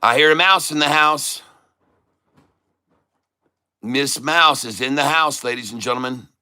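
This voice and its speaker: A man hosting a live day-trading stream from home, talking loudly and joking as he reads out his buy and sell numbers. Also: mid-range voice, unhurried, smooth. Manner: loud, chatty, jokey. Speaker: host.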